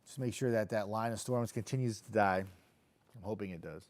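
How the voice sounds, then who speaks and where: A man's voice: on the low side, fairly quick. Chatty weatherman reading comments. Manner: chatty, loose, jokey, with frequent restarts. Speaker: TV meteorologist hosting a live stream. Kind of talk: casual live-stream chat reading viewer comments.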